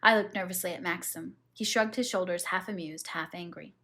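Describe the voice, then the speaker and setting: A woman reading a classic novel aloud as an audiobook, in a steady, measured manner. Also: lowish voice. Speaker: audiobook reader. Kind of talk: audiobook narration.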